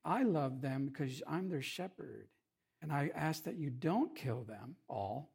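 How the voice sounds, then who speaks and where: Moses, the weary shepherd-leader, pleads with quiet earnestness for a stubborn flock, as a man preaching puts him on. The voice stays close to a plain, natural speaking voice, a touch higher than most men. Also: expressive, a little slow, vocal fry, breathy edge, heavily acted. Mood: pleading. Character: Moses, aging male shepherd-leader pleading for his people.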